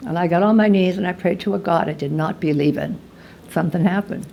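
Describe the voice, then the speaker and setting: A woman's voice: lowish voice, quick pace, creaky, dull audio, slight background noise. A woman speaking at a recovery meeting, telling her story in a wry, candid way. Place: meeting hall.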